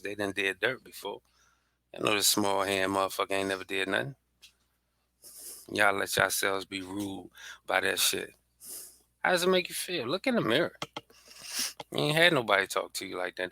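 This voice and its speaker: Gravelly man ranting hard on a podcast. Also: on the low side, sharp tone, no room sound. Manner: profane, fired-up, preaching to listeners. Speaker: podcast host. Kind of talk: heated ranting monologue.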